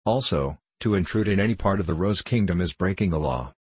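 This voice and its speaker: Fussy storybook gardener, officious little man, low and husky, read by a man. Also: expressive, fairly quick, darkish tone, dry recording. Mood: triumphant. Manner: indignant, officious.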